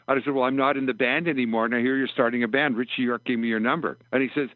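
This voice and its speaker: A man's voice: mid-range voice, fast, dry recording. Older man telling stories over a phone line. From Canada. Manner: rambling anecdotal storyteller, acts out dialogue. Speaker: guest musician. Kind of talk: storytelling interview over the phone. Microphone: telephone. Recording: tinny phone line, dry.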